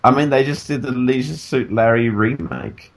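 A man co-hosting a casual podcast, teasing and animated, laughing often. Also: medium pitch, normal speed, creaky. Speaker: podcast co-host and game developer.

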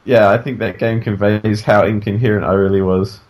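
A man co-hosting a casual podcast, teasing and animated, laughing often. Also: fairly low pitch, normal speed. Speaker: podcast co-host and game developer.

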